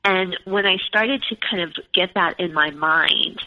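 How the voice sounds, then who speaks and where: Speaking a little slowly in a lowish voice, a forty-something woman shares her own story as a guest on a podcast. She's chatty and leans heavily on "like" and "you know," and the conversation is captured in lo-fi sound with a long reverb.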